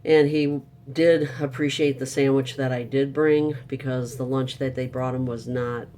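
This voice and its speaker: A man's voice: medium pitch, flat delivery, measured pace, darkish tone. A man telling a frustrating story in a casual, upset monologue, venting and exasperated. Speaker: vlogger.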